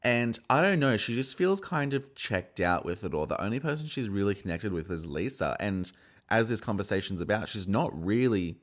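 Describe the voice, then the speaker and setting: A man's voice: fairly low pitch, lively intonation, moderate pace. A man casually recapping a reality TV episode in a gossipy, sweary manner. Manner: gossipy, sweary, acts out quotes. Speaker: TV recap host.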